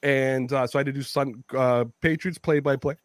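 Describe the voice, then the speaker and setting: A man's voice: mid-range voice, fairly even intonation, moderate pace, no room sound, studio quality. A Canadian man on a podcast, telling a story in casual chat, swearing freely and acting out the people he quotes. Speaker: podcast co-host.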